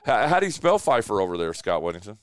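On a studio mic with no room sound, another sports radio host talks fast in a lowish, clear, resonant voice with big pitch swings. His casual show is chatty and heavy on fillers, and he keeps saying "dude."

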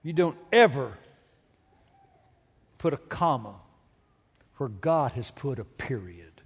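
A man preaching a sermon as pastor, slow and emphatic, swelling to loud climaxes. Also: mid-range voice, very animated, slightly rough. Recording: long reverb of a large hall.

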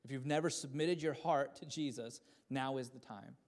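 A man in his thirties preaching a sermon at a church service, swinging between loud fervent passages and soft hushed ones. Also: medium pitch, moderate pace. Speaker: pastor.

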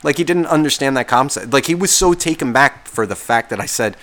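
Male podcast host, mid-pitched voice, sarcastic and exasperated rant, heavy swearing. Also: lively intonation, brisk, few pauses, a bit bright. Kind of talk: casual storytelling rant.

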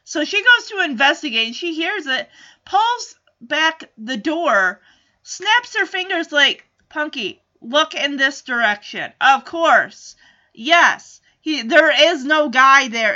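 Woman reviewer, opinionated and expressive, high, bright voice, lo-fi audio. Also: slow. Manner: opinionated, animated storytelling. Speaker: reviewer recapping a TV episode. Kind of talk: casual recap commentary. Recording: slightly dull lo-fi audio.

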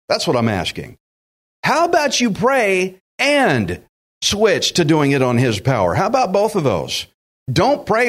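A man's voice: mid-range voice, wildly swooping pitch, normal speed. A man preaching a sermon, emphatic and direct, acting out quotes and speaking to listeners as friends. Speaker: pastor.

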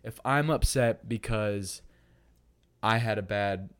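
A man's voice: lowish voice, slow pace, clear, resonant tone. A young man who is a student, chatting casually and reflectively on a podcast. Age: young adult. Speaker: student, co-host. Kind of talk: casual chat.

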